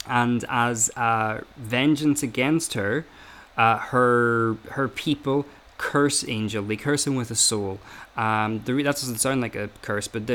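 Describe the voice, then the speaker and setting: A man's voice: mid-range voice, fairly bright tone, a little hiss or hum. A man hosting a casual podcast chat, explaining at length with many hesitations and fillers. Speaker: podcast host.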